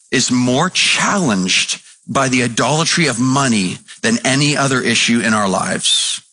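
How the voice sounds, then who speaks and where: Impassioned husky-voiced male pastor preaching. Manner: impassioned, swings between shouting and low earnest talk. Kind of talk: sermon.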